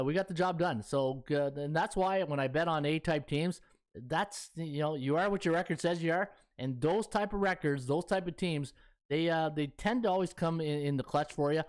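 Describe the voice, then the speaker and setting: A man hosting a sports betting podcast, chatting in a folksy way with lots of fillers. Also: a little high. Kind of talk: casual chat.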